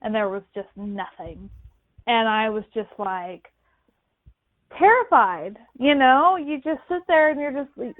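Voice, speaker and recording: Animated woman telling a story over a phone-like line. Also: a little high, a little slow, no room sound. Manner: animated, acts out quoted voices. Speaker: podcast co-host. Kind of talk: casual storytelling.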